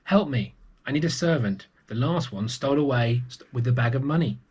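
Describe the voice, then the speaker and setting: A man voicing a bossy female giantess in a children's storybook reading, brisk and scolding. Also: mid-range voice, expressive, a little mellow, breathy edge.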